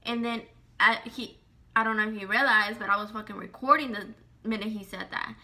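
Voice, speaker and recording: Young woman vlogger, high bright voice, animated slangy storytelling. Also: a little fast. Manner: animated, slangy, heavy on "like" and swearing. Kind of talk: casual storytime.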